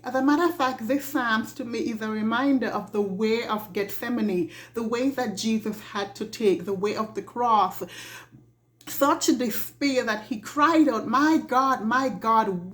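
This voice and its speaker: A woman giving a devotional reflection in an earnest, halting way, often repeating her words. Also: a little high. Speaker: devotional speaker. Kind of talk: slow reflective devotional talk.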